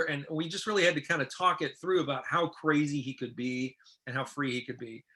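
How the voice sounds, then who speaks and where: A middle-aged man, a film director, telling casual stories in an interview and acting out what others said in lively voices. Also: on the high side, fairly quick. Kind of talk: casual anecdotal storytelling.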